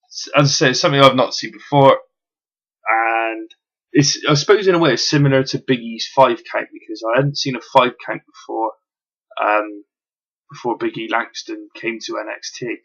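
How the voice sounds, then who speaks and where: A man talks through a wrestling show in a loose, rambling way, dropping ums and the occasional curse. His voice has a gravelly edge and sits at an ordinary pitch. The recording is a dull, lo-fi home setup. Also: moderate pace, a bit bright. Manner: chatty, frequent ums, occasional swearing. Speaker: wrestling reviewer. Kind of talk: casual spoken review.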